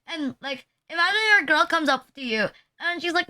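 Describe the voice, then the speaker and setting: A woman's voice: sits high, moderate pace, sharp tone, no room sound. A woman streamer chatting casually on a livestream, rambling crudely with constant "like" fillers and teasing her chat. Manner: mocking, teasing banter with chat. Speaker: VTuber streamer.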